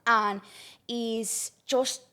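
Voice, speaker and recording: Brief: young woman host, high-ish voice, lively sweary storyteller, casual chat. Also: drawn-out words, smooth. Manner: animated storytelling, swears freely. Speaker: podcast host.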